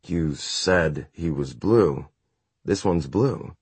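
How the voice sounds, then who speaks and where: A man's voice: rumbling low, drawn-out words, darkish tone, breathy edge, no room sound, exaggerated voice. A man voicing a playful, flamboyant warlock with a light, teasing tone, in an audiobook reading. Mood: firm, light. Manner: light, teasing, turns commanding.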